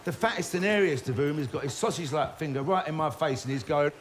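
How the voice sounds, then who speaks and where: Cheeky middle-aged storyteller, slightly higher voice, comic monologue. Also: male voice, expressive, quick pace, noisy background. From London. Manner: wry, cheeky, conversational.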